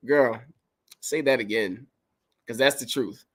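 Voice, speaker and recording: A man's voice: mid-range voice, very animated, extremely slow, a bit bright. Preachy man reading scripture on a livestream. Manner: preachy, emphatic, reads scripture aloud and comments. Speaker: podcast host. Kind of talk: livestream commentary with Bible reading.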